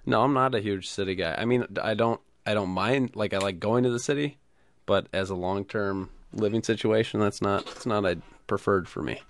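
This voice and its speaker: A young man hosting a casual radio chat, easygoing and agreeable, pausing often to find his words. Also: on the low side. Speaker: radio host.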